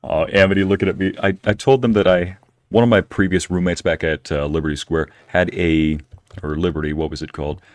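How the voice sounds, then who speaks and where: A man's voice: deep voice, fairly quick, dry recording. A man streaming a farming game, chatting casually and joking with his viewers and a friend. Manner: joking, animated, talks to chat.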